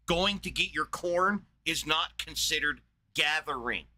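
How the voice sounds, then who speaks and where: Guy ranting and cursing nonstop, super bright sharp voice, fed up. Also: fairly high pitch, a little slow, rough recording. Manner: exasperated, swearing heavily. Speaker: podcast host reacting to a debate. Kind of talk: profane angry rant.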